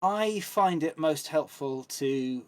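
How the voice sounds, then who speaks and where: Relaxed English man telling anecdotes. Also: fairly high pitch, slow. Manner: relaxed anecdotal storytelling with many ums. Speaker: actor guest. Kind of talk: casual interview chat.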